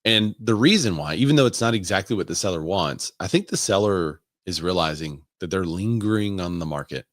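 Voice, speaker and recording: A man's voice: sits low, animated, fairly quick, no room sound, studio quality. A man who works as a real estate agent, hosting a casual live stream and thinking aloud as he asks viewers for their opinions.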